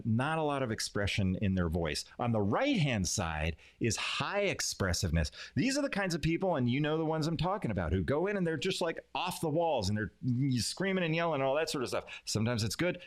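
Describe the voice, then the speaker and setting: During a live-streamed lesson on communication skills, this male coach of leadership and communication plays with pauses, pitch, loudness and emphasis to make his points. His manner is animated, and the audio comes through a streaming setup.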